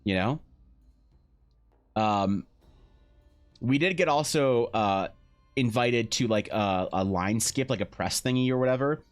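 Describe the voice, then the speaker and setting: A man's voice: mid-range voice, a little slow, long pauses, soft background music. A young man chatting casually on a live art stream, rambling through a story, swearing and acting out both sides of the conversation. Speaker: streaming artist.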